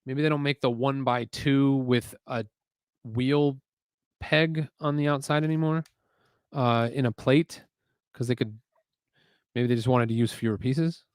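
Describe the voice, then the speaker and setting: Male streamer host, casual and chatty, mid-pitched voice, dry close sound. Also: a little slow, long pauses, smooth, no room sound. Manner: chatty, muses aloud, reads chat messages. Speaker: LEGO building livestream host. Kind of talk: casual livestream chat while building. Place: home garage.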